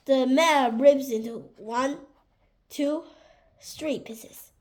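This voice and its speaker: A woman reading a children's picture book aloud in a deliberate, sing-song narration. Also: high voice, darkish tone. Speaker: storybook reader.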